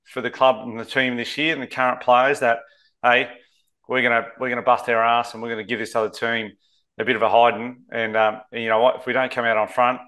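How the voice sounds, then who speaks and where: A man's voice: medium pitch, flat delivery, fairly quick, bright, forceful tone. An Australian man co-hosting a sports betting podcast, talking casually and rambling, saying mate a lot. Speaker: co-host.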